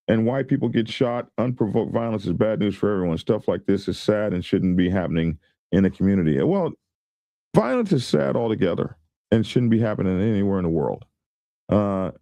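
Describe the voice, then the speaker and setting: Man, host, gravelly, mellow tone, dry close sound, rambling casual commentary. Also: fairly low pitch, no echo. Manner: rambling, reads viewer comments aloud.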